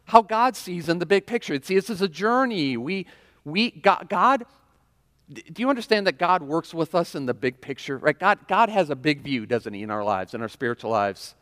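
A man's voice: a little high, sing-song, normal speed, fairly bright tone. A man preaching a sermon in a church, talking casually and checking in with the congregation with frequent questions. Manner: conversational preaching with frequent "right?" and audience questions. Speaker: pastor. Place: church sanctuary. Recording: long reverb of a large hall.

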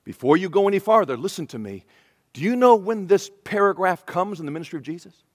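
A man's voice: sits high, expressive, fast, in a large hall. A middle-aged male pastor preaching a passionate sermon, often speaking as Jesus would to his listeners. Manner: impassioned, voices Jesus speaking directly to listeners.

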